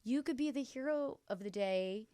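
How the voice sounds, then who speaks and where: A woman's voice: fairly high pitch, lively intonation, moderate pace, mellow, dry recording. A middle-aged woman hosting a talk show, chatting casually with emphatic, opinionated remarks and frequent laughter. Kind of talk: casual chat.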